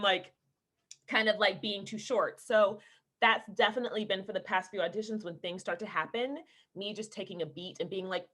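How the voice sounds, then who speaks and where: Bright, animated woman on a video call. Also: mid-range voice, quick pace. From Houston, Texas. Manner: animated storyteller, laughing, acting out quoted people. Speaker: actress, interview guest. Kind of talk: casual video-call interview.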